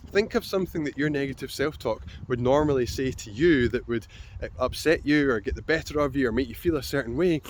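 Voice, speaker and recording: A man, a fitness coach giving a calm, encouraging instructional talk straight to the listener. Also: medium pitch, slight background noise. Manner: calm, encouraging, direct address.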